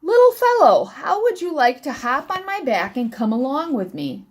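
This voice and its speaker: A woman's voice: high-pitched, very animated, moderate pace. A woman reading a children's storybook aloud, voicing a kindly, chatty female sparrow who chirps and chuckles as she fusses. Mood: chirpy.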